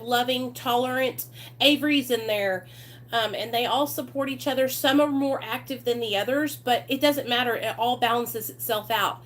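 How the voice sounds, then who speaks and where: A woman with a somewhat high voice chats directly to her viewers. Her talk is warm in its wording, loose and full of fillers like "you know" and "like". She keeps coming back to "you guys" and "y'all". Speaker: recovery channel host.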